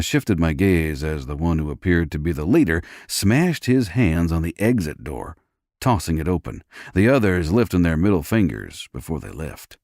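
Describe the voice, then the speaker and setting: A man's voice: low voice, animated, moderate pace, darkish tone, no echo, studio quality. A man reading a first-person romance audiobook with a gritty, tough-guy delivery. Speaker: audiobook narrator.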